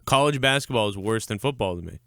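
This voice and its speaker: Recorded at studio quality with no room sound, a young man speaks fast in a fairly low, clear, resonant voice. As co-host of a live show, he rambles through a long, casual, profane story and turns animated whenever he quotes people.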